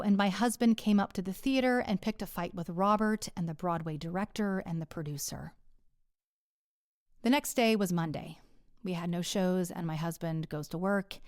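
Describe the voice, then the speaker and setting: A woman's voice: medium pitch, normal speed, a little mellow, clean tone, dry recording. A middle-aged woman telling her own story in a candid, wry and profane way, recorded close on a studio mic. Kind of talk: confessional personal storytelling.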